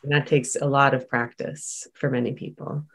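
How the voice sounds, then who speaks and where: An interview host with a mid-pitched voice who asks questions gently and reflectively. The pace is thoughtful and the manner stays calm. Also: moderate pace, breathy edge.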